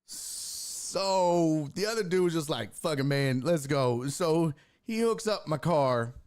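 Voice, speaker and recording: Speaking at a normal speed in a fairly high voice, this sports podcast host spins a casual, profanity-heavy story. He gets animated, doing voices for each person in the tale.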